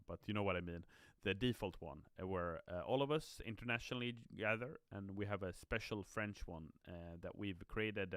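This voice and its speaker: A man's voice: low voice, fairly bright tone, no echo, clean studio sound. Tired man chatting on a live stream. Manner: chatty, upbeat, promotional. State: tired, yawning. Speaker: game community manager. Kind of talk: live stream chat, reading viewer comments. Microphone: streaming mic.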